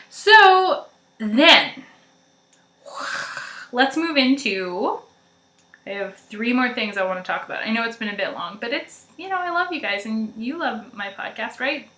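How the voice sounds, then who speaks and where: A woman's voice: a little high, pushed and bright, roomy sound. A young adult woman hosting a knitting podcast, chatting casually to viewers in a rambling way with many ums and frequent giggles.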